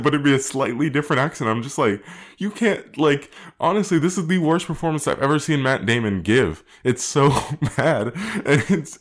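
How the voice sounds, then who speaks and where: A man reviewing a movie in casual chat, animated, laughing often and using many fillers. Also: fairly high pitch.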